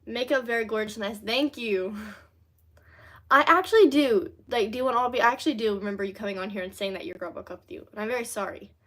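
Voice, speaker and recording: Teen girl livestream host from Louisiana, chatty and rambling, slightly high voice. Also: fast talker, fairly bright tone. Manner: chatty, rambling, bubbly with many fillers. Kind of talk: casual livestream chat reading comments.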